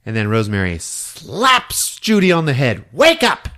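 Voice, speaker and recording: A man's voice: mid-range voice, wildly swooping pitch, moderate pace, sharp tone. A man hosting a podcast, recapping a movie for laughs, often laughing and breaking into character voices. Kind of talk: comedic movie recap with acted-out quotes.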